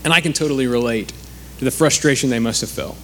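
A man's voice: medium pitch, fast talker, slight background noise. A man preaching a sermon in a conversational way, acting out the quoted speakers.

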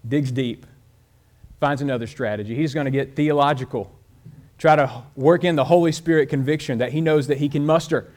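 A man preaching a sermon, telling a story and speeding up and slowing down as he goes. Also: medium pitch. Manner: storytelling with shifts of pace and loudness. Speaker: pastor.

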